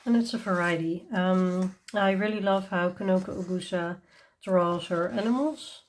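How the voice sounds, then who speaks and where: A woman's voice: lowish voice, normal speed. A woman hosting her coloring channel, presenting books in a chatty, enthusiastic way, with many ums and small laughs. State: tired and yawning. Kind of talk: casual show-and-tell review.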